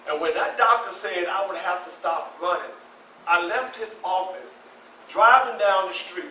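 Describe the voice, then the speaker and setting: A man in his sixties telling a personal story live to an audience, animated and acting out scenes. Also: sits high, unhurried, slight background noise. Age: 60s. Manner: animated, acts out scenes with voices and shouts. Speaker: featured storyteller. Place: community center hall. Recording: echoey room from a far mic, faint ambience.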